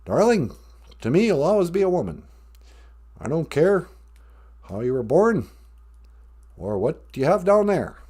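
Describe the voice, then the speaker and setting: A man puts on a male ex-president for a comedy call-in bit. His pitch sits a little high and leaps around widely. He speaks in halting, earnest phrases broken by drawn-out pauses. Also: big pitch swings, dark tone, husky, full character voice. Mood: tender. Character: male ex-president, measured, halting politician cadence.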